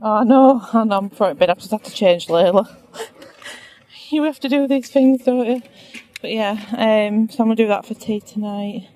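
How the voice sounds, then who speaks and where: Recording a family vlog from her car and later her home bathroom, this woman rambles to her phone camera and laughs a lot. Her pitch is on the high side, her tone is dark, and she talks at a normal speed.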